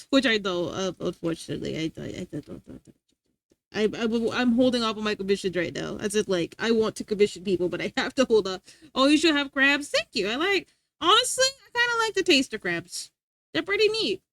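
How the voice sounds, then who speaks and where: A woman's voice: medium pitch, fairly quick. A young adult woman streaming live, giggling often as she chats casually with her viewers. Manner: giggly, animated, chatty. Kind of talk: casual chat reading live chat. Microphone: streaming mic.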